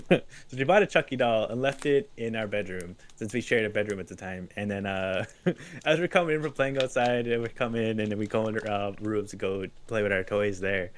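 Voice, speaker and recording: Male podcast talker, lively storyteller, laughs a lot. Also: fairly low pitch, brisk, slight background noise. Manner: lively storyteller, laughs often, acts out quotes. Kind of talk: casual chat.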